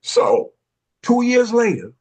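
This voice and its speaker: An animated older man, a dance pioneer from Oakland, California, tells a story during a panel conversation in an extremely high, breathy voice at a slow pace, and the highs in the recording are cut off. He gets excitable, uses street slang, and acts out the voices he quotes.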